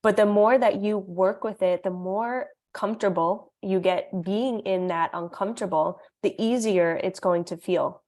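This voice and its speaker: A woman's voice: medium pitch, a little slow, hardly any pauses, darkish tone. A woman guest on a podcast, explaining her ideas thoughtfully in casual conversation.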